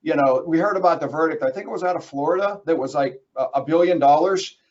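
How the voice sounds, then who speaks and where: A man's voice: fairly high pitch, fast talker, a little mellow, dull audio. A man giving a webinar presentation, emphatic and direct, talking straight to his listeners. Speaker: webinar presenter on trucking risk.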